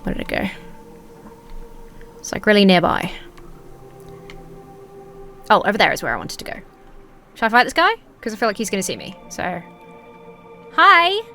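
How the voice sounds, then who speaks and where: Woman, mid-pitched, rambling let's play talk, faint game music underneath. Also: big pitch swings, moderate pace, pauses often, fairly bright tone. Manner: rambling, chatty self-talk while playing. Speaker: gaming video creator.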